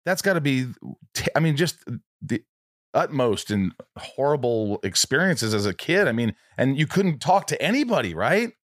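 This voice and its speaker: A man's voice: mid-range voice, big pitch swings, normal speed, dry recording, clean studio sound. A man hosting a podcast interview, talking casually and bluntly and swearing freely. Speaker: podcast host.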